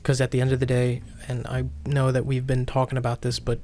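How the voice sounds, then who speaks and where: A man's voice: medium pitch, completely flat delivery, brisk, dark tone, soft background music. A man running a tabletop game, speaking in character as a police lieutenant with a dry, teasing manner. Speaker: game master playing a lieutenant. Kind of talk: tabletop role-play, in-character police talk.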